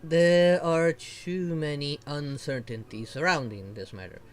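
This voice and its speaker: A male VTuber streamer reading game dialogue aloud slowly, with casual commentary, laughs and mild swearing. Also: a little high. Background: faint game music.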